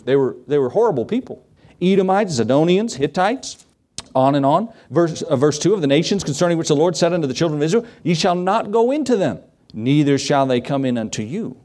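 A middle-aged pastor preaches in a lively, folksy way, his pitch swinging up and down as he acts out quotes. His voice sits a little on the high side for a man. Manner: animated storytelling with acted-out quotes; folksy, addresses the congregation directly. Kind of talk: sermon.

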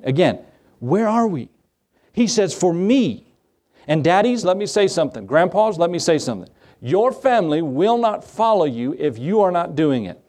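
In a slightly high voice, a man gives a sermon as pastor. Emphatic throughout, he repeats important phrases and asks rhetorical questions, his delivery rising in some passages and dropping to quiet asides in others.

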